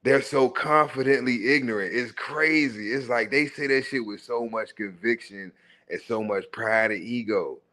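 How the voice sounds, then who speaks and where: Profane, animated man ranting on a stream. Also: medium pitch, normal speed. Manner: profane, animated, mocking, laughs at own jokes. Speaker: live stream host. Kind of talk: casual commentary monologue.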